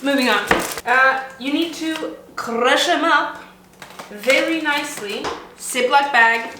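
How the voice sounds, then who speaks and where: A young woman bakes in her noisy, roomy kitchen, rambling and joking about herself in a playful way for her home baking vlog. She's from Sweden, and her voice is fairly high and slow.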